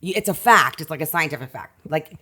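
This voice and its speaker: Low-pitched woman in her thirties, podcast guest, lively and self-interrupting, talks with her hands. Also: fast talker, slightly rough. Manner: animated, talks with her hands, many restarts. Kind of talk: casual conversation.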